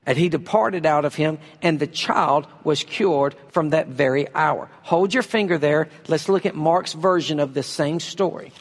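A man preaching a sermon, reading scripture slowly and pressing his points with emphasis. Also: a little high, in a large hall. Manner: emphatic preaching, reads scripture slowly, uses a volunteer for a demonstration. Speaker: pastor.

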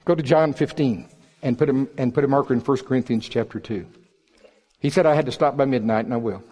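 A male preacher giving a sermon in a church service, animated and joking, swinging between loud and soft delivery. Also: mid-range voice, fast.

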